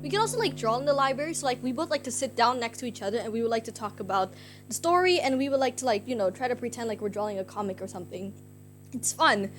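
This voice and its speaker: A woman's voice: on the high side, lively intonation, fast, fairly bright tone. A young woman streamer casually telling a story to her chat, rambling with lots of "like" fillers, giggly and self-conscious. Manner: rambling, heavy use of "like" fillers. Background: guitar music.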